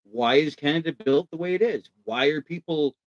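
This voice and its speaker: A man hosts a casual live stream with lots of enthusiasm. He puts on quick voices when he quotes people and talks back to viewers in the chat. His fairly high voice sounds dry and close to the microphone. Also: dry recording, highs cut off. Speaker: live show host.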